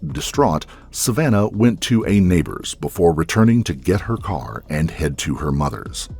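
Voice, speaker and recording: A male narrator reads a true-crime script in a measured storytelling manner. His voice is very low and husky. His pitch still rises and falls a lot. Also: darkish tone.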